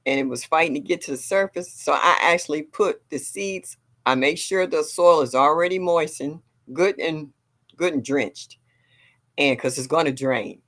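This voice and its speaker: A woman's voice: sits low, normal speed, a bit bright. An older woman hosting a gardening livestream, chatting casually and reading viewer comments aloud. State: a little sore.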